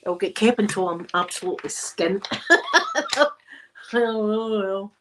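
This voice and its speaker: A woman's voice: mid-range voice, big pitch swings, takes it slowly, a bit bright, slight background noise. Playful, chatty Glaswegian woman. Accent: Glaswegian Scottish. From Scotland. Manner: chatty and playful, laughs at her own jokes. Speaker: vlogger. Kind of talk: casual chat vlog.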